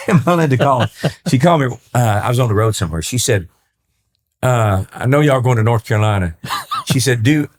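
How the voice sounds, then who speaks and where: An older East Texas man, a country singer appearing as a guest on a casual interview podcast, tells stories and acts out the quoted dialogue with lots of animation, frequently restarting his sentences. His voice is mid-range and fairly quick.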